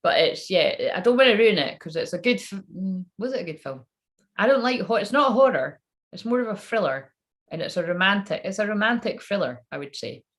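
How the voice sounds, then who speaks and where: Speaking briskly with a medium pitch and lively intonation, a woman rambles casually through a psychic reading as she channels messages. Her own jokes make her laugh, and she curses without restraint.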